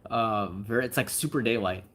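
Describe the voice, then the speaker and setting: A relaxed man hosts a livestream and chats loosely with his viewers. His voice sits a little low, and he rambles along with plenty of fillers and asides. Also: fairly quick. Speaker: livestream host. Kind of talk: casual livestream chat, answering viewer comments.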